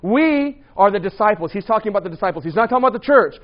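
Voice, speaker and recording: A man with a high voice leads a Bible class and talks to his students in a loose, conversational way. He keeps quizzing them and checking in with "right?". The recording sounds dull and lo-fi. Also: animated, very fast. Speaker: Bible teacher.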